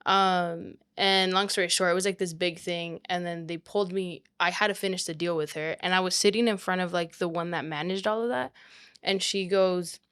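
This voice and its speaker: A woman's voice: on the low side, normal speed, clean tone. Chatty young woman telling a story. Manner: animated, quotes people often with "like". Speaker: real estate agent, guest. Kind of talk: casual storytelling chat.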